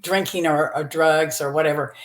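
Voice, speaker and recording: A woman's voice: deep voice, fairly even intonation, moderate pace. A woman in her seventies from Texas, a comedian talking openly about her life as a podcast guest, laughing often and using many fillers. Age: 70s. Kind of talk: candid personal storytelling.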